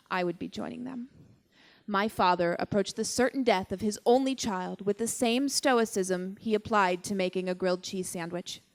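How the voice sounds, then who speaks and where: Young woman telling a wry personal story. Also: mid-range voice. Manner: wry, deadpan delivery with dramatic pauses. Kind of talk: personal story performed on stage. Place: stage at a live show.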